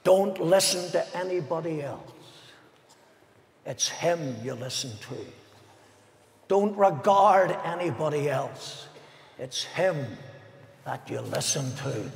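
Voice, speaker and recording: A man preaching a fervent evangelistic sermon as pastor, swinging between ringing declamation and hushed, solemn passages in a large arena. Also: fairly high pitch, expressive, slow, vocal fry, pauses often, slight background noise. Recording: echoey arena with long reverb.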